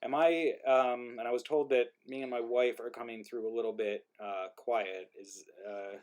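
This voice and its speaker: A man's voice: medium pitch, fairly even intonation, normal speed, darkish tone. A man, the playwright hosting an online play reading, chatting casually over a video call with lots of ums and self-deprecating laughs. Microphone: video call mic.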